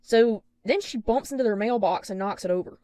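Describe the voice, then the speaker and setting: A woman's voice: on the high side, fairly quick, mellow, no room sound. A young woman telling a storytime tale in a chatty, exasperated way, with lots of fillers. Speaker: vlogger. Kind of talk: storytime vlog.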